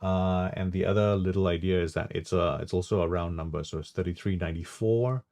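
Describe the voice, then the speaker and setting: A man hosting a live trading stream, thinking aloud about his trades in a halting way with restarts. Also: deep voice, fairly even intonation, noisy background. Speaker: trading livestream host.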